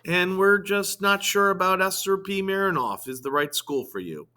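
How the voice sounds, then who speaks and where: A male teacher voicing a worried, gentle father who soothes his daughter, in a raised voice. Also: sits high, normal speed, pitched above the performer's own voice. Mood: soothing. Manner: soothing, pleading.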